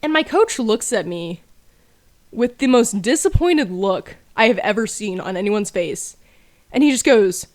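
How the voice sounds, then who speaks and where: A woman with a fairly high voice tells a casual story from her childhood. Her humor is dry and self-mocking. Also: big pitch swings, normal speed. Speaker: storyteller over gameplay.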